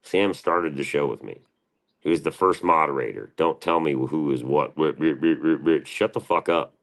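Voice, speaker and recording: A man's voice: very deep voice, normal speed. A man hosting a livestream, answering his chat in a profane, combative and defensive rant. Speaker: livestream host.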